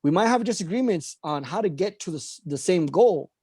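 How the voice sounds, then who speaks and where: A man's voice: high voice, lively intonation, fairly quick, darkish tone, slightly rough, dry recording, studio quality. A man co-hosting a political talk show, talking in an emphatic, ranting way and repeating phrases for emphasis. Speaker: podcast co-host.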